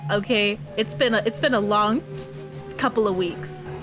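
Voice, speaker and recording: A woman's voice: mid-range voice, moderate pace, music in the background. A tired young woman co-hosting a stream, chatty and stumbling over her words. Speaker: co-host. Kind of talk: casual stream chat.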